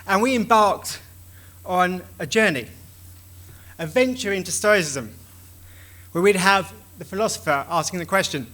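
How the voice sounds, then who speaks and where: Bright, high-pitched male conference speaker. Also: a little slow, long pauses. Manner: animated, acts out dialogues with shifting voices. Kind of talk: lively conference talk.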